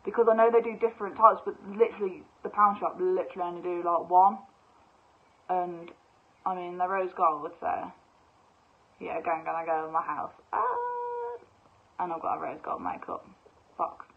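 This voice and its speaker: A young woman, bubbly and excitable, chatting casually through a shopping haul with lots of fillers. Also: on the low side, moderate pace, husky. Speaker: vlogger. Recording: tinny phone-like sound.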